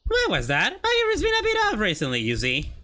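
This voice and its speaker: A playful grandmother in a story game, voiced by a streamer reading every part. The voice climbs and dips dramatically, with a bright, forceful edge, and she teases as she talks. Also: medium pitch, wildly swooping pitch, fast, voice pushed up. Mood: teasing. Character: teasing elderly grandmother.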